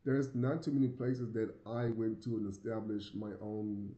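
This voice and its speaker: A Southern American man with a lisp, talking to camera in a loose, rambling way and tripping over repeated words. His voice is very dark and mellow. It sounds roomy and a little muffled, like a home setup with echo. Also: on the low side, fairly even intonation, moderate pace. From United States. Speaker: vlogger living abroad. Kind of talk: casual talk to camera.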